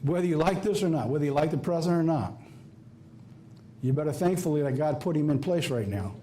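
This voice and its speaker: A man's voice: on the high side, expressive, brisk, mellow. A man with a Southern US accent preaching a sermon, emphatic and folksy, firing off rhetorical questions. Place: church office or studio.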